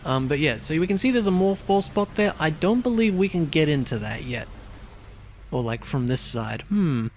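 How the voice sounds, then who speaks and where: A man's voice: a little high, lively intonation, normal speed, a little hiss or hum. A young man casually commenting on a video game as he plays, chatty and rambling, with lots of fillers and asides. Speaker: let's play host.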